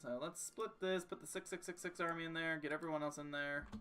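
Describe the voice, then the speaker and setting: Bright-voiced man narrating his gameplay. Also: fairly high pitch, steady tone, quick pace, clean tone, soft background music. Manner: jokey, talks to himself and the game. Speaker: streamer playing a strategy game. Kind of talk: casual gameplay commentary.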